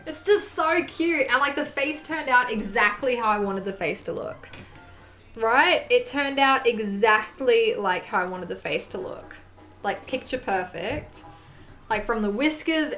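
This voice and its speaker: A woman's voice: fairly high pitch, a bit bright. A young woman streaming her sewing, gushing over a bag she just finished and swearing casually as she talks. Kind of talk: casual live-stream chat while sewing. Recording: echoey room, faint music. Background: faint music.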